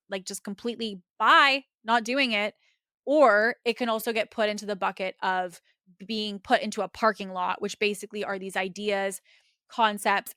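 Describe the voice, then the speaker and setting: A woman's voice: medium pitch, bright, forceful tone, no echo, studio quality. A woman hosting a solo business podcast, coaching listeners step by step in a direct way and often checking in with "okay?".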